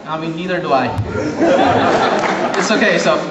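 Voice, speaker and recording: Animated man doing stand-up in an echoey hall. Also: a little high, heavy background noise. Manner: animated, laughing, doing quick character voices. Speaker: stand-up comedy performer. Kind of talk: live stand-up skit with impressions. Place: university auditorium stage. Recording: distant echoey hall recording, lo-fi, loud crowd.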